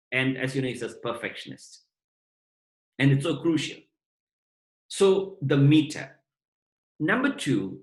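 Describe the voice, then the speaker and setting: A man giving a devotional lecture on scripture to his students, explaining point by point in a measured way. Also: mid-range voice. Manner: measured, explanatory, addresses listeners as brothers and sisters. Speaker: spiritual lecturer. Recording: roomy echo.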